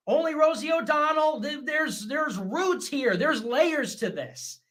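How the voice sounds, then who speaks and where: This is a man with a high, sharp, tense voice, holding the floor on his livestream. He talks in short, repeated, self-assured phrases. His delivery is animated and combative, jumping between loud bursts and low mutters. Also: a little slow, hardly any pauses. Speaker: livestream show host. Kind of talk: rambling livestream monologue.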